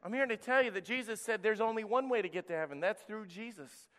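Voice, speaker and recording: A man preaching to children as a pastor, energetic and emphatic, dropping to a hush for key points. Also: sits high, quick pace, big-room sound. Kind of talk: children's sermon.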